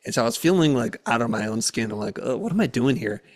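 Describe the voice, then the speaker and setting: Speaking quickly in a mid-range voice, this male podcast guest shares a story conversationally during an interview. He's an animated storyteller who performs the quoted lines.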